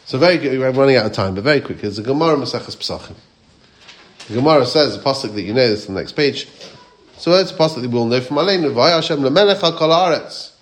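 A man's voice: medium pitch, lively intonation, quick pace. A rabbi giving a Torah class, asking his listeners questions and quoting Hebrew and Aramaic texts.

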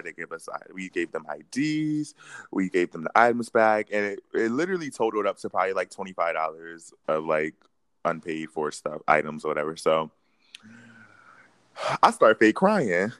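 A young man telling a funny story in casual chat, animated and slangy, often breaking into laughter. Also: low voice, normal speed, clear, resonant tone, no room sound. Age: young adult.

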